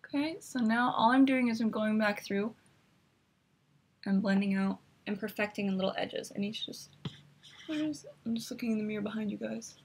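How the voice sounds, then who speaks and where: A woman's voice: mid-range voice, brisk, husky. A woman hosting a makeup tutorial, chatty and instructive as she talks through each step while demonstrating.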